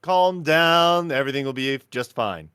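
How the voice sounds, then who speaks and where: A man's voice: mid-range voice, expressive, moderate pace, bright, forceful tone, smooth, dry recording, studio quality. A man running a tabletop game as game master, narrating scenes casually with lots of fillers and laughter. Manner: casual, laughs often, fills with "like".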